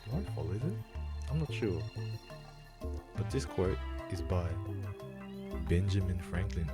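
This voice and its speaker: A man's voice: deep voice, lively intonation, slow, long pauses, over music. A young man giving a rambling, self-questioning monologue about a quote in a laid-back way. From Australia. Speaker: vlogger. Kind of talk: casual musing monologue.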